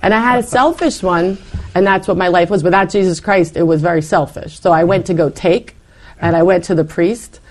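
A middle-aged woman recounts her own story to an interviewer. She talks in a lively, animated way, often slipping into quoted lines of what she once said. Her voice sits a little low for a woman. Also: a little fast. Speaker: interview guest. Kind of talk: personal testimony in conversation.

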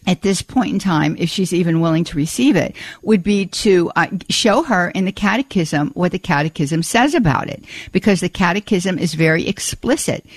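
A woman hosting a Catholic call-in radio show, talking in an earnest, measured way and often repeating words as she searches for the next one. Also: lowish voice, dry recording. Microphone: studio microphone.

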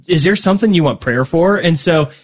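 A man's voice: fairly high pitch, expressive, brisk. A man talking casually as a guest about his faith, often restarting sentences and acting out little conversations. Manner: rambling, restarts often, acts out dialogue. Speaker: podcast guest.

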